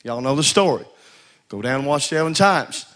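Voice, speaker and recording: A man's voice: a little high, animated, normal speed, a bit bright. A male pastor preaching a sermon. He exhorts the congregation, calls for responses, and often repeats words.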